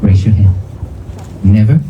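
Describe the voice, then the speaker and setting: A deep-voiced man from Vietnam speaks slowly as he gives a dharma talk to a crowd in a cemetery. He repeats his points and turns to his listeners with questions. The recording is noisy, with traffic clearly heard behind him. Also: lo-fi sound. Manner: calm, repetitive, asks the crowd questions. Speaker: Buddhist monk giving a talk. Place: outdoors in a cemetery.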